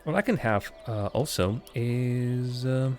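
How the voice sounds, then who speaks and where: A man's voice: mid-range voice, slow, darkish tone. A man chatting casually as he streams a city-building game live, thinking aloud with lots of fillers and poking fun at his own mistakes. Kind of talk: casual live gameplay commentary.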